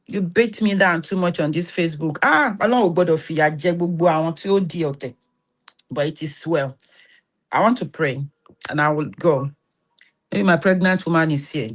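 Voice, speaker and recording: Animated Nigerian woman preaching. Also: fairly low pitch. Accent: Nigerian, Yoruba-influenced. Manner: animated, switching into Yoruba and preacher-like rises. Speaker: host and massage therapist. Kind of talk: spoken talk with prayer.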